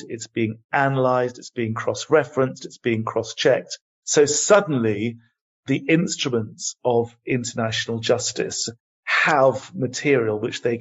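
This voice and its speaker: An older man answering interview questions as a guest, telling his story in a passionate, emphatic and measured way. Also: medium pitch, breathy edge. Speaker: guest, human rights advocate. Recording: dull lo-fi audio.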